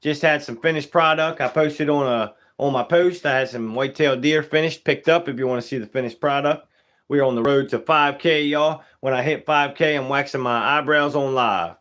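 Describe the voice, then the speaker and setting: A young man who works as a taxidermist chats casually on a live stream, joking as he works and greeting viewers by name. His voice is mid-range and a bit bright, at a normal speed. He's laid-back and uses Southern-style casual grammar.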